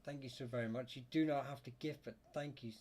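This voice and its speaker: A man hosts a casual livestream and works through questions from his chat. He talks at an average pitch and fills the gaps with hesitations and false starts. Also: fairly even intonation, fast talker, darkish tone. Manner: hesitant, many fillers and restarts; reads chat questions aloud. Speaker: livestream host answering viewer questions.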